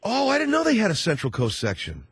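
A man's voice: high-pitched, huge pitch swings, fast talker, vocal fry, a bit bright, breathy edge, no room sound. A middle-aged man hosting a radio talk show, chatting with callers in a jokey, rambling way. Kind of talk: casual radio chat. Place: radio studio. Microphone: close studio mic.

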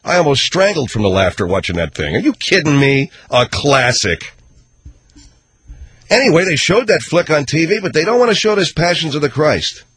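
A man hosting a talk radio show, giving opinionated commentary in a ranting, sarcastic way. He swings between loud outbursts and low mutters. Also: big pitch swings, normal speed, slightly rough.

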